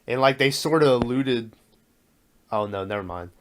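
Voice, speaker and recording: A man's voice: mid-range voice, animated, moderate pace. A man co-hosting a movie podcast, talking in a loose, laid-back way and swearing often. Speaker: podcast co-host. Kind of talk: casual movie chat.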